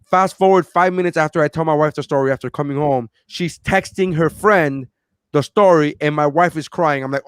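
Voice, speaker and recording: A man in his thirties chatting on a podcast, telling stories with lots of life and slipping into other people's voices as he goes. His voice sits a little high for a man. The sound is dry and close, with no room around it. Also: moderate pace, smooth, dry recording. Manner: animated storyteller, acts out voices of others. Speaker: podcast co-host. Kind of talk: casual chat.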